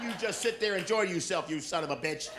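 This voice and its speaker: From a club stage, a middle-aged man delivers brash, profane stand-up, teasing the audience in a voice that sits high, animated and quick. Noise fills the background of this live recording, punctuated by laughter.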